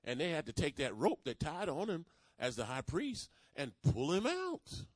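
A man's voice: a little high, wildly swooping pitch, normal speed, no echo. A man preaching a sermon, leading the congregation in call-and-response and building to emphatic declarations. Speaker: pastor.

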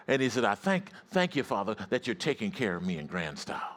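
A male preacher delivering a sermon to his congregation. He repeats key phrases and calls on the listeners to say words back to him. His voice drops low for stories and climbs high for exclamations. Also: big pitch swings, brisk, hardly any pauses, fairly bright tone. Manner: repetitive, call-and-response preaching; swings from low storytelling to high rising exclamations.

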